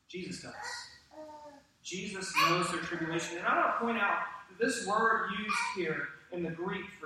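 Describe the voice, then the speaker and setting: A man preaching a sermon to his congregation with animated delivery and questions to the room. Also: high-pitched, fairly quick, recorded from a distance, slight background noise. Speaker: pastor. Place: church sanctuary. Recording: echoey church hall from off-mic.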